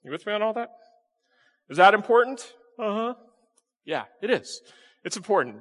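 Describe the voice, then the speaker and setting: Male pastor, animated delivery, a touch high, long hall reverb, preaches with questions and light humor. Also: moderate pace. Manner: lively, questioning the congregation, playful asides. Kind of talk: sermon. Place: church sanctuary with congregation.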